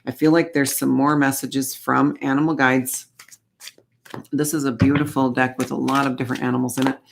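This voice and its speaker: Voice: mid-range voice, little pitch movement, fairly quick, gravelly, background noise. A tarot and oracle card reader giving a casual spiritual reading, chatty and gushing, full of fillers and little asides.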